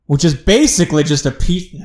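A man co-hosting a podcast in casual chat, halting and searching for words, often laughing. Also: a little high, expressive, a little mellow. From United States. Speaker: podcast co-host.

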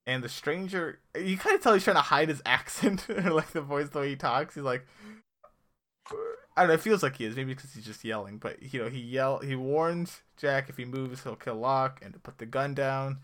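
A man's voice: mid-range voice, moderate pace, fairly bright tone. A man casually recapping a TV episode on a podcast, rambling and correcting himself as he goes. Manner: rambling, self-correcting, laughs often. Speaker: podcast co-host.

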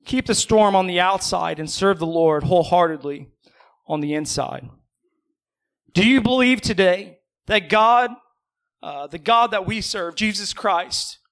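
Male pastor, sermon in church: high and forceful, chatty and teasing with the congregation. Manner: conversational, asks the congregation questions, joking asides.

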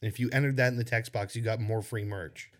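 A man's voice: lowish voice, fairly even intonation, fast talker. A man co-hosting a casual podcast chat, joking in a playful, wry way. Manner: playful, wry, goofy asides. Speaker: podcast co-host.

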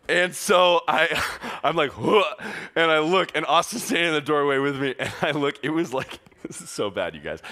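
A young adult man speaking as a youth pastor, telling a story to students in an animated, casual way, full of "like" and laughing as he talks. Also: medium pitch. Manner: animated, filler-heavy, laughing through the telling.

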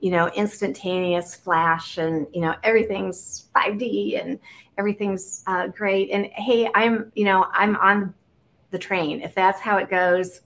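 A woman from Iowa, a guest on an interview show, talking casually with many fillers and animated storytelling. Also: mid-range voice, measured pace. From Iowa, United States.

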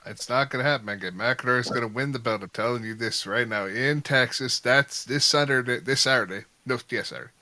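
A man's voice: medium pitch, fairly quick, hardly any pauses, sharp tone, no echo. A man co-hosting a casual wrestling chat, confidently insisting on his predictions. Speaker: podcast co-host.

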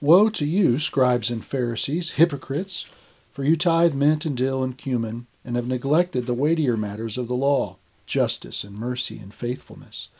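Male scripture reader, husky tone, middle pitch, measured and even delivery. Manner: measured, steady reading of verses. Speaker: Bible study co-host, scripture reader. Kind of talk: reading scripture aloud.

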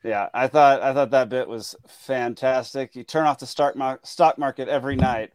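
A man's voice: medium pitch, normal speed, no echo, clean studio sound. A man hosting a casual late-night podcast, laughing often and trailing off with ums. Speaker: podcast host. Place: his home, alone with dogs.

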